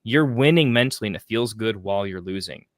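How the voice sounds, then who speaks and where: Rambling, excitable man in casual chat. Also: on the low side, a little fast, no room sound, studio quality. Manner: rambling, excitable, trails off into restarts; swears casually. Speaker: fantasy football podcast co-host.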